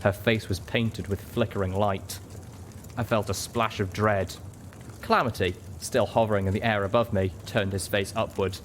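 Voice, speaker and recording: A man narrating a story in first person with a steady, dramatic reading. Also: fairly low pitch, normal speed, slight background noise. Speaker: audiobook reader.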